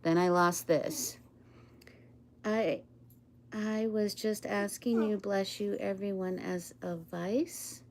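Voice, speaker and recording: A woman's voice: medium pitch, fairly even intonation, takes it slowly, slight background noise. A woman chatting casually on a live stream, rambling, laughing often and talking to her pets and viewers.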